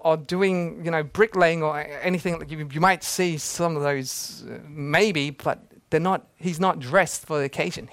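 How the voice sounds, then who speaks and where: A man, preaching a sermon with a light, high voice. He keeps it casual and jokey and laughs often at his own stories. The sound is dry and close. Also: dry recording. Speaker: pastor.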